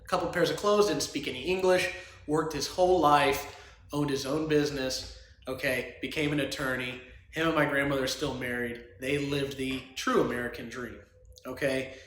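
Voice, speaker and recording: A man's voice: mid-range voice, fairly even intonation, normal speed, a bit bright, echoey room. A man hosting a solo podcast, talking in a rambling, crude and opinionated way and laughing often. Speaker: podcast host.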